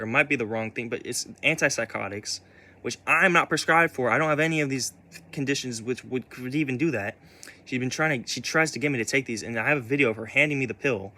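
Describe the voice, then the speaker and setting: A young man speaks at a middle pitch, neither high nor low, as he retells something painful from his own life. His speech is halting and full of false starts and repeated words, with the odd swear slipping out. He sounds shaken and upset as he talks straight to his viewers. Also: pushed and bright. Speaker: vlogger. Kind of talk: casual personal storytelling.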